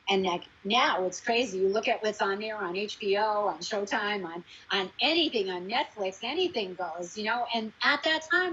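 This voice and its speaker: A woman telling lively stories about a film shoot, acting out the people she quotes. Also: mid-range voice, dull audio, slight background noise. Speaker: actress recalling a film shoot. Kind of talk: casual anecdote to camera.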